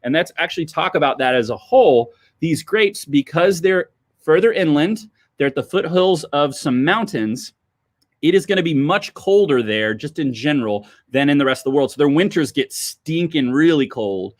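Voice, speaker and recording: Chatty man teaching wine, higher voice. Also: animated, moderate pace, dry recording. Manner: chatty, addresses viewers as guys, checks with okay. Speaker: sommelier host. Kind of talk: livestreamed wine lesson.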